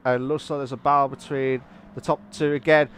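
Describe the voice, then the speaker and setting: A man giving live sim racing commentary in an excitable, rambling way, often correcting himself. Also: medium pitch, a little fast, clean tone. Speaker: race commentator.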